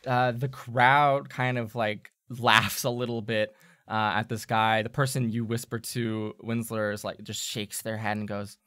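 A man narrating as game master of a tabletop role-playing game, in a relaxed, casual way. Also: lowish voice, measured pace, dry recording.

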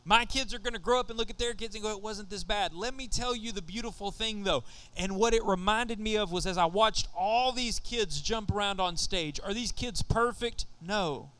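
Bright, clear-voiced Texan preacher. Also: male voice, high-pitched, normal speed. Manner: casual, joking preacher addressing the congregation. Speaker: pastor. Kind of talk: sermon.

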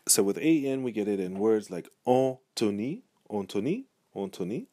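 A man's voice: lowish voice, normal speed, warm tone, no room sound, clean studio sound. A man giving a pronunciation lesson, speaking patiently and repeating each example word. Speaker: language teacher. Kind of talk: pronunciation tutorial.

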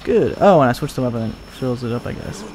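A young man commentating his own gameplay, excitable, joking and swearing as he plays. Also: medium pitch, fast, noisy background. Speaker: let's play gamer. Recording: game music behind the voice. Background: game music.

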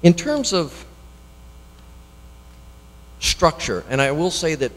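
A man's voice: on the high side, big pitch swings. Earnest man speaking at a town hearing. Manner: earnest, halting, with restarts. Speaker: elected official speaking at public hearing. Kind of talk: public comment. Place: town meeting hall. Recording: long reverb in a meeting hall.

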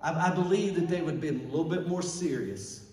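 Male pastor, fervent call-and-response sermon, slightly high voice, recorded from a distance in an echoey church. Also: brisk, darkish tone. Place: church sanctuary.

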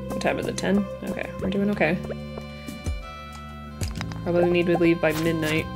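A woman's voice: lowish voice, fairly even intonation, moderate pace, over music. A woman hosting a casual let's-play, chatting, reacting with laughs and talking to game characters, recorded on a headset mic at home. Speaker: gaming channel host. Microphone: headphones with mic.

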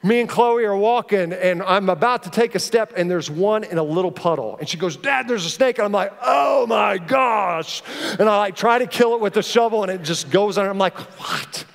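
Man, middle-aged, pastor, high-pitched, animated storytelling sermon, long church-hall reverb. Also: quick pace, hardly any pauses. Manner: animated storytelling with direct questions to the congregation. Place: large church auditorium.

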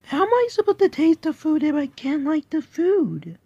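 A woman's voice: high voice, huge pitch swings, moderate pace, dark tone, dry recording, heavily acted. A woman voicing a goofy, rambling male cartoon cat who talks in a jumpy, silly way, heard on a dull lo-fi recording. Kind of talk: cartoon voice acting.

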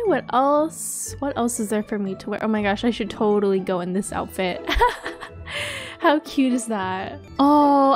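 A young woman giving bubbly, excitable role-play game commentary, gasping often. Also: on the high side. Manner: bubbly and excitable, frequent gasps. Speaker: gaming YouTuber.

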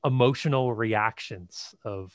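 A man's voice: mid-range voice, slow pace, no room sound. Rambling male podcast host, dry sound. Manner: rambling, hesitant, many fillers like "like". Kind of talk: casual conversation.

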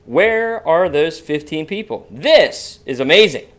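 Man, podcast co-host, casual chat, animated delivery, fairly high voice, very lively pitch. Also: a little slow, few pauses, slight background noise. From Cincinnati, Ohio area. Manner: animated, walks through download stats.

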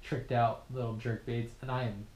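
Chill fishing host dude, slangy, echoey car sound with some hiss. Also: male voice, mid-range voice. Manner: relaxed, slangy, quick to laugh. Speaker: channel host. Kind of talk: casual fishing chat. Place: in a car on the road. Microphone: action camera. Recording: echoey with faint noise.

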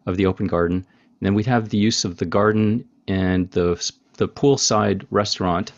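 Low-voiced man telling a story, lo-fi. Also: fairly even intonation, moderate pace. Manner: storytelling, easygoing with fillers. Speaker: podcast host. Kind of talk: casual interview chat.

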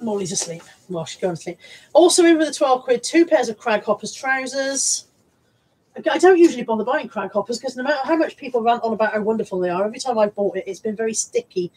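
Chatty husky woman with a Bristol accent. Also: a little high, lively intonation, quick pace, a little mellow, rough recording. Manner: chatty, rambling, repeats words and restarts, reads out viewer comments. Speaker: vlogger showing a thrift haul. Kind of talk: casual live-stream chat.

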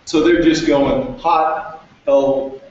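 A man's voice: fairly high pitch, steady tone, extremely slow, a little mellow. A man telling a wry story at a business workshop. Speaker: entrepreneur at a workshop. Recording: echoey room, distant and lo-fi.

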